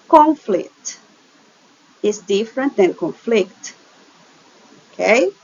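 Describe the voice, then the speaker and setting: A woman with a mid-range voice and some vocal fry teaches English with a Brazilian Portuguese accent in a recorded online lesson. She patiently walks through her slides, often checking in with "okay?", and the recording is muffled.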